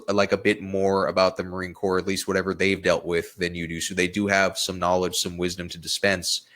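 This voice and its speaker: A young man with a very low voice chats on a podcast. He tells stories in an animated, profane way. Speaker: podcast guest, Marine veteran. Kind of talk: casual podcast chat.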